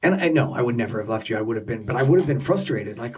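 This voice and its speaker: A man co-hosting a podcast, telling a family story in earnest, halting casual chat. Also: medium pitch, expressive, darkish tone, breathy edge, far from the mic. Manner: earnest, halting, restarts mid-sentence. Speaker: podcast co-host.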